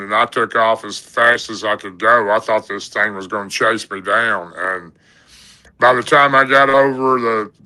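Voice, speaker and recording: Folksy man, very bright voice. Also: mid-range voice, low-quality recording. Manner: rambling, folksy, lots of "and, uh". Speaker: podcast guest telling an encounter story. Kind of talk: casual storytelling.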